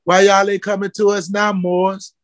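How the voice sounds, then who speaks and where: A man's voice: sits high, flat delivery, moderate pace, no room sound. A man, a footwear company founder talking with passion in an interview, calling people out with repeated questions. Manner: fiery, preaching, calls people out with repeated questions.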